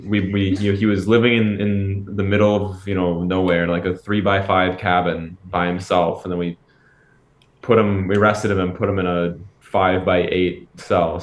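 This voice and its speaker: A man co-hosting a podcast, chatting casually in a rambling, halting way full of fillers and restarts. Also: low-pitched. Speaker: podcast co-host. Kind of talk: casual chat. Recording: echoey room.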